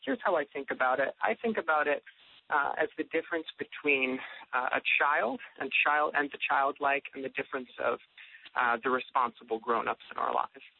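A man's voice: mid-range voice, normal speed, gravelly, breathy edge. A man, the guest author, speaking thoughtfully with frequent fillers in a reflective conversation about faith. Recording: tinny phone line.

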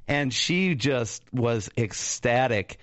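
A man's voice: mid-range voice, animated, slow pace, a bit bright, no echo, highs cut off. A pastor and radio co-host telling his life story in a radio interview, laughing often and acting out the voices of people in it.

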